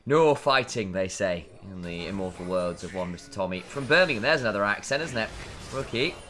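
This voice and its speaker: An English man giving live play-by-play on an esports match, energetic and playful. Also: lowish voice, a little fast, soft background music. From England. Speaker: esports commentator.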